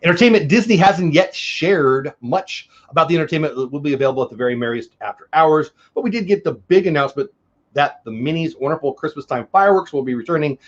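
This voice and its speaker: A man's voice: a little high, animated, quick pace, highs cut off. A middle-aged man hosting a casual news chat show, joking at his own expense as he reads articles aloud. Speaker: host.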